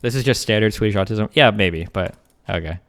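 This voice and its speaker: A young man streaming live and commenting on a video, speaking in a quick, profane way full of "like" and "um.". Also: lowish voice. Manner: rapid, profane, many fillers like "like" and "um".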